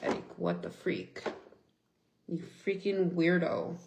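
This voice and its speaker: A young woman hosting a casual livestream vents angrily, swearing often while reading and answering viewers. Her fairly low, darkish voice is slow and sing-song with vocal fry, in an echoey room with a little hiss or hum.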